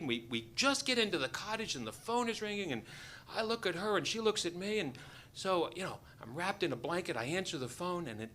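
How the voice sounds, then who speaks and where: A man's voice: high-pitched, sharp tone, a little hiss or hum. A man telling a funny personal story to a live audience, wry and self-deprecating as he acts out the scenes. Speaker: doctor and storyteller.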